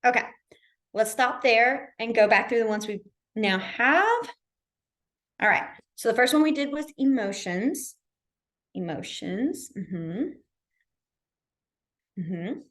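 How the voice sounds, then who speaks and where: A woman's voice: a little high, lively intonation, slow, long pauses, fairly bright tone. A young woman casually teaching a beginner sign language class online, chatty with many fillers. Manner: chatty, lots of fillers, demonstrative.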